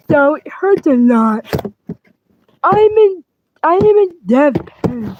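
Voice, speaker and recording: A woman's voice: high-pitched, background noise. A woman voicing a naive, whiny young fox boy in a fan roleplay video, asking simple questions and pleading. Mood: pained.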